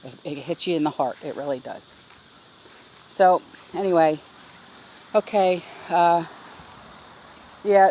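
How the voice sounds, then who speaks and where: A woman's voice: on the low side, a little mellow, a little hiss or hum, rough recording. A middle-aged woman talking casually in a rambling, heartfelt way, with lots of fillers, in a backyard garden video. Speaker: garden vlogger. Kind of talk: casual vlog talk.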